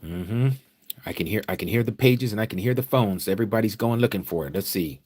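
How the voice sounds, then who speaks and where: Man, sermon delivery: deliberate scripture reading, swells into emotional, high, loud exhortation. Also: lively intonation. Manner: emotional, preacherly, rises in pitch and volume when exhorting; slow deliberate reading with pauses. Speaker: teacher leading scripture study.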